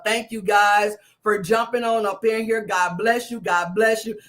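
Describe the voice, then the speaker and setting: Woman minister hosting a live stream, bubbly, repeats herself a lot, bright and forceful tone. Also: mid-range voice, a little slow, few pauses. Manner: excitable, repeats herself, greets viewers by name. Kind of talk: casual live-stream chat.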